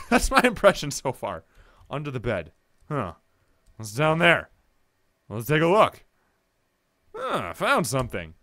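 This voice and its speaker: A jumpy young man narrating a horror game playthrough, reading its lines and reacting loudly to every scare. His voice sits high and bright and swings widely in pitch. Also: slight background noise. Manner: jumpy, excitable, yelps at scares. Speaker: gameplay commentator. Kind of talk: let's play commentary, reading game dialogue aloud.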